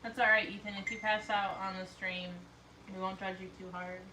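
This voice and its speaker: A woman's voice: medium pitch, little pitch movement, moderate pace, sharp tone. A woman hosting a casual livestream, reading viewer comments aloud in a giggly, playful way. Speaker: livestream host reading chat. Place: workshop. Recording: echoey workshop from far off with noise.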